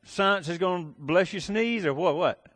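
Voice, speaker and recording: A middle-aged pastor, preaching with a slightly high voice. He talks in a folksy, rambling way, often breaking off and starting his sentences again. The recording is dry and close. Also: normal speed, a bit bright, no room sound. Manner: folksy, rambling, hesitant with many restarts. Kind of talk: sermon.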